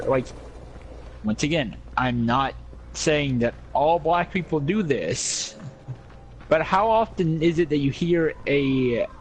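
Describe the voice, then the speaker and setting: A man's voice: on the high side, poor audio. A young man co-hosting a casual podcast chat, rambling and joking with many restarts. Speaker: podcast co-host. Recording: faint background noise.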